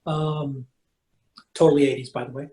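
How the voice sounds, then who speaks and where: A man's voice: mid-range voice, level tone, moderate pace, dark tone, rough recording. A middle-aged man describing his character in a tabletop game, hesitant with many fillers. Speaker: player. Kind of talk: casual tabletop game play.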